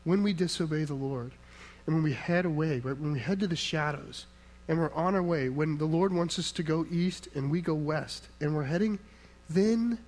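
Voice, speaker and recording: A man's voice: a little high, darkish tone, rough recording. A man preaching a sermon in an emphatic, conversational way, firing rhetorical questions at the congregation and answering them himself. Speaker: pastor.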